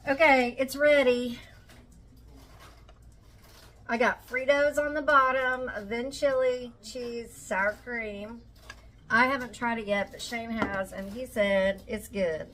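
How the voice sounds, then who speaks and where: An older woman talks to her viewers from her home kitchen while cooking. Her voice sits a little high, and she chats easily, tender and quick to get emotional. A faint household hum lingers behind her. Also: steady tone, a bit bright, rough recording. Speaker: vlogger. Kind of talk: casual vlog chat while cooking.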